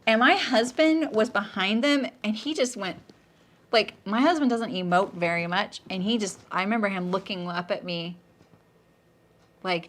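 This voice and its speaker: Middle-aged woman chatting on a live sewing stream, joking, lots of restarts, average pitch. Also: normal speed, fairly bright tone. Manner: chatty and joking, lots of restarts, often drops into a low aside. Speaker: sewing pattern designer hosting a live stream. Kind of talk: casual live-stream chat, reading comments aloud.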